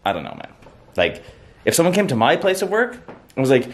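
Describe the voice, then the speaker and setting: A man vlogging casually, ranting and swearing with animated outbursts. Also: medium pitch, quick pace. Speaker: fitness vlogger. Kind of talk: casual vlog rant.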